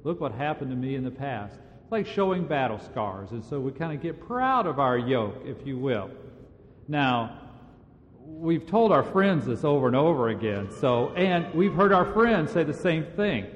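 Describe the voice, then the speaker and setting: A man's voice: a little high, big pitch swings, a little slow, slight background noise. A man preaching a sermon as a pastor, in a conversational, emphatic way. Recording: dull sound in a large reverberant hall.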